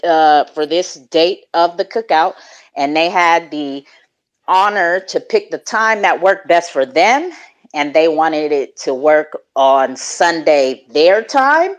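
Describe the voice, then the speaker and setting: A woman from California hosting a casual live audio chat in a relaxed, slangy way, laughing often. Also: sits low, slow pace. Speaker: host.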